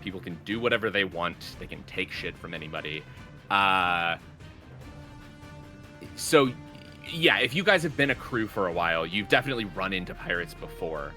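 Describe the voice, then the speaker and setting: A man's voice: deep voice, lively intonation, moderate pace, sharp tone, faint music behind. A man running a tabletop game as game master, explaining rules loosely with frequent fillers.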